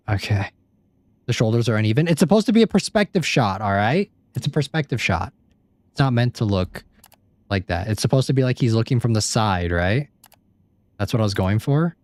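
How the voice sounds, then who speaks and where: Laid-back lowish-voiced gamer guy. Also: a little mellow, no room sound. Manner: joking, self-deprecating, swears freely. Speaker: gaming YouTuber. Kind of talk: casual gameplay commentary.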